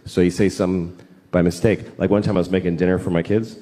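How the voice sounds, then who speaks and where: A man performing a stand-up routine, moving from calm talk about parenting into indignant, loud rants. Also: sits low, quick pace. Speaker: stand-up comedian. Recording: echoey live club sound. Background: audience laughter.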